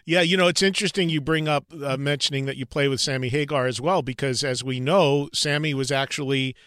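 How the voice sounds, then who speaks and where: A man's voice: medium pitch, steady tone, brisk, a bit bright, clear, resonant tone, no room sound, clean studio sound. A man hosting a podcast interview, asking questions and rephrasing them partway through. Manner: probing, rephrases questions mid-sentence.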